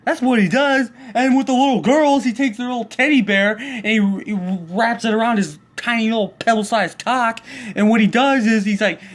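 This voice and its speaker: A man's voice: extremely high pitch, fairly bright tone. A man hosting his own video channel, delivering an angry, crude, swear-filled rant about a neighbor. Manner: crude, heated, swearing constantly.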